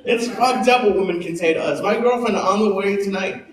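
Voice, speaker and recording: A man's voice: sits high, a little fast. A man doing self-deprecating stand-up, chuckling often between jokes. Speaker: stand-up comic. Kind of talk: stand-up comedy. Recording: roomy club sound from a distance. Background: laughing crowd.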